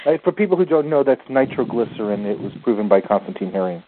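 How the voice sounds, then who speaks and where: A man's voice: medium pitch, very animated, quick pace, slight background noise. A man with an American accent hosting a radio interview, rephrasing and checking what his guest means. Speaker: radio show host. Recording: phone-like radio line.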